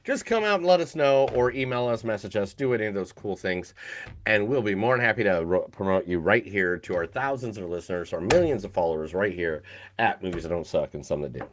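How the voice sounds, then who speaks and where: A man's voice: fairly low pitch, expressive, quick pace, a little hiss or hum. A man co-hosting a movie podcast in loose, joking casual chat. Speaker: podcast co-host.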